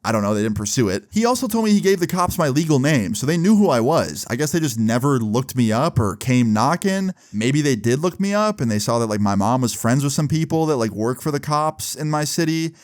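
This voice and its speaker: A young man telling a storytime vlog in an animated, profane, chatty way. His voice sits at a middle pitch, and the sound is dry and close. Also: fairly quick, few pauses, no room sound. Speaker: video creator.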